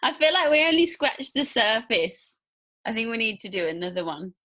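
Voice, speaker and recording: A woman's voice: a little high, big pitch swings, normal speed, sharp tone. A woman from near Birmingham with a Birmingham accent, hosting a casual, chatty interview and laughing easily. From English Midlands, near Birmingham. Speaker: host.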